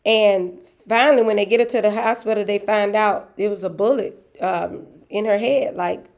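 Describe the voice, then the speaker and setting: A woman hosting a casual church livestream Bible study chat, animated and given to sudden whoops. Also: mid-range voice, normal speed, creaky.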